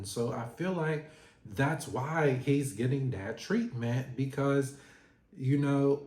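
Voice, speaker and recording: A man's voice: mid-range voice, unhurried, darkish tone. A man giving a chatty recap of a reality show, talking straight to the people on it as if they could hear him. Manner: chatty, talks straight to the show's cast. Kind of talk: casual recap commentary. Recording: roomy echo.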